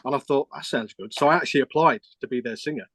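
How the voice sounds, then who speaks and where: A man's voice: medium pitch, fast, a bit bright, no room sound. A middle-aged man, a keyboard player, telling a rambling story with restarts and quoted dialogue in a casual interview.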